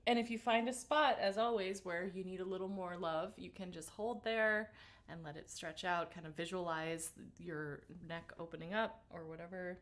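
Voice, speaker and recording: A woman singing teacher leading a guided vocal warm-up on a livestream, relaxed and encouraging as she greets viewers by name. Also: on the low side, normal speed.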